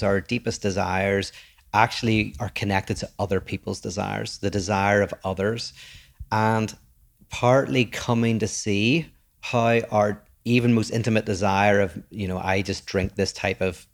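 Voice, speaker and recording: A man's voice: lowish voice, steady tone, normal speed, gravelly. A man co-hosting a podcast, talking reflectively and explaining ideas in long, winding sentences. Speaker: podcast co-host. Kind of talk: casual chat.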